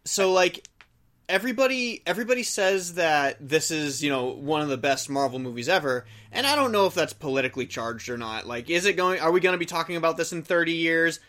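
A man talking casually on a podcast, his voice sitting a little higher than most men's. He rambles through his opinions, restarting sentences as he goes. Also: lively intonation, brisk, bright, forceful tone. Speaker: podcast co-host. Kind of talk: casual chat.

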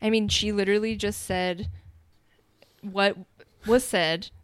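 A woman's voice: medium pitch, steady tone, unhurried, smooth, dry recording. A woman co-hosting a podcast in casual chat, easygoing and agreeable, sometimes quoting people in put-on voices. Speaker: podcast co-host.

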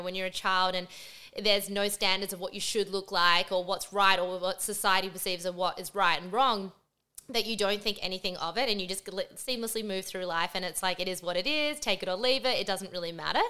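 A woman's voice: mid-range voice, sharp tone, clear, resonant tone. A woman in her twenties with an Australian accent, telling a personal story to camera in a chatty way, her phrase ends curving upward in a sing-song lilt. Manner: chatty, lots of "like" fillers. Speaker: vlogger.

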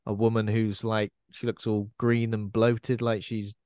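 Male host, relaxed film chat, dry close recording. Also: lowish voice, measured pace, no room sound. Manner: conversational, often ends with tag questions. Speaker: podcast host. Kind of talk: casual film discussion.

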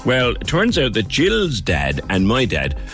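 A middle-aged man with a Cork accent hosting a radio phone-in, chatty and quick to laugh. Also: mid-range voice, soft background music. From Ireland. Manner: chatty, lively, laughs easily. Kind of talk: casual radio interview.

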